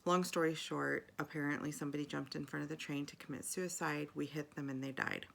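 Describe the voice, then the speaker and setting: Low gravelly-voiced woman telling a story. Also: fairly even intonation, fairly quick. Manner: chatty, rambling, many fillers and restarts. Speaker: video journal vlogger. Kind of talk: casual personal storytelling.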